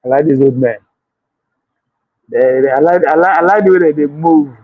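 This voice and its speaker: A man with a Nigerian accent giving excitable political commentary, laughing and exclaiming often and slipping into pidgin. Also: a little high, moderate pace, no room sound, phone-quality sound. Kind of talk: animated political chat.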